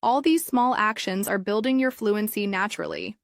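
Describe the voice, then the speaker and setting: A woman calmly narrating a story for English learners in clear, evenly paced scripted narration. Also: mid-range voice, normal speed, dry recording, studio quality.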